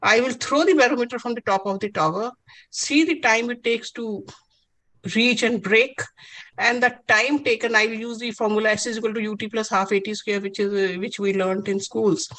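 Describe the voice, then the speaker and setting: A man's voice: sits high, fairly even intonation, normal speed, bright, forceful tone, poor audio. A woman voicing a clever, cheeky young male science student who patiently explains his answers. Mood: cheeky explaining.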